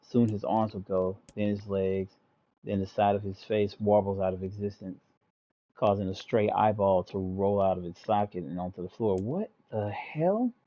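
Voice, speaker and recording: A man's voice: low voice, little pitch movement, moderate pace, muffled recording. A man hosting a gaming channel, reading the story text aloud and breaking in with casual jokes. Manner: reads aloud, breaks off to joke and laugh.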